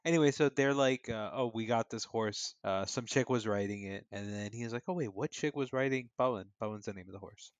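A man's voice: fairly low pitch, fairly quick, few pauses, no room sound. A man in casual chat, wry and teasing, who laughs often while recalling a film. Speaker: podcast co-host.

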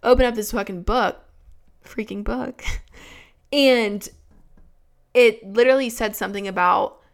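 Candid young woman with a gravelly voice. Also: on the high side, unhurried. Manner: frank and swearing, many "like" fillers. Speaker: podcast host. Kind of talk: candid personal storytelling.

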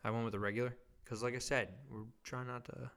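A man's voice: medium pitch, little pitch movement, brisk, creaky, fairly bright tone. A young man hosting a solo comedy podcast, rambling and self-mocking, swearing constantly. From Wisconsin. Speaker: podcast host.

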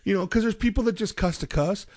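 A man's voice: high voice, fast, a little mellow, dry recording, studio quality. A man in his thirties hosting a podcast, telling profane family stories in casual chat and laughing often. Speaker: podcast host.

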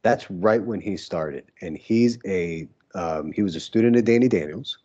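A man's voice: low-pitched, normal speed, mellow, muffled recording. A man casually recalling old matches in an interview, a laid-back storyteller who laughs often. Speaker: former pro wrestler guest.

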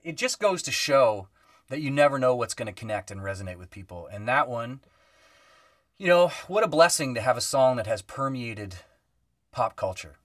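A man talks in an easy, chatty way, jumping into the voices of the people in his stories. His voice sits at an ordinary middle pitch. The sound is dry, with no room echo, but he seems set back a little from the microphone. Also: normal speed, distant mic. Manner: animated storyteller, acts out quoted voices, many fillers. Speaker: guest musician. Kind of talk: casual podcast storytelling.

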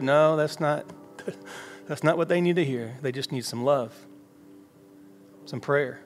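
A man with a fairly high pitch preaches slowly, giving a conversational sermon as pastor and acting out ordinary dialogue in different quoted voices. The church sanctuary lends a long hall reverb, and faint music plays underneath.

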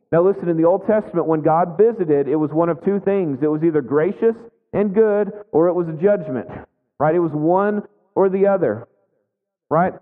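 A man in his thirties preaches to his congregation in a loose, chatty way, tossing in "right?" to keep listeners with him. His voice sits a little high for a man. The sound is thin and phone-like, with a long echo trailing off through a big hall. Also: moderate pace. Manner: conversational, frequent "right?" asides. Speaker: pastor. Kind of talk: sermon with personal story.

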